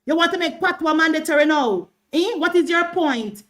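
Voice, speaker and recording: A woman's voice: high voice, expressive, normal speed, fairly bright tone. A Jamaican woman hosting a political livestream, arguing heatedly, repeating herself and stammering as she presses her point. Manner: argumentative, repeats herself, stammers when worked up.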